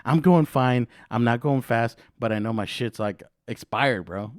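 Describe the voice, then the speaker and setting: A man's voice: mid-range voice, unhurried, no room sound, studio quality. A young man hosting a podcast, telling a story in a loose, profane way, full of "dude" and "bro". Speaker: podcast host. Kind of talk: casual podcast chat.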